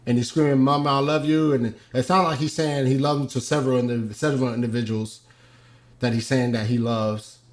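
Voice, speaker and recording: Male host, casual unscripted commentary, halting delivery with frequent fillers and restarts. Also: medium pitch, fairly even intonation. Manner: hesitant, many ums and restarts.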